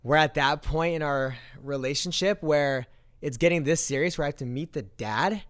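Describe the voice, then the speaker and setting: Animated young man telling a story. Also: a little high, moderate pace. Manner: animated, acts out quoted lines. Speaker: vlogger. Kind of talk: casual storytelling. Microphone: handheld mic.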